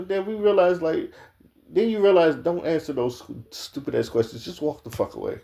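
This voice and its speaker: A man's voice: high-pitched, moderate pace, gravelly, dark tone. A man giving casual opinion commentary straight to his viewers, blunt and profane, full of restarts and "like". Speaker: video commentator.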